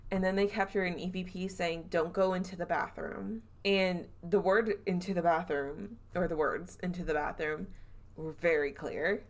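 A woman's voice: fairly low pitch, moderate pace. Chatty southern woman telling a spooky story. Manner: chatty, animated, acts out quotes with laughs. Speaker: podcast host. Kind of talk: casual storytelling chat.

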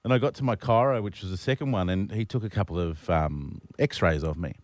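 A man's voice: low-pitched, fairly quick, no room sound. A man in his forties with an Australian accent, co-hosting a radio show with sarcastic, ranting humour from a studio microphone. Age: 40s. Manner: animated, sarcastic, ranting jokes. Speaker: radio co-host. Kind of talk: banter on breakfast-style radio.

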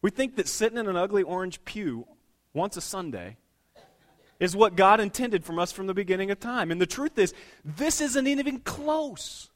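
Animated middle-aged male pastor, fairly high voice. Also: moderate pace. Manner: animated storytelling with wide swings between hushed and loud. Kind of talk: sermon.

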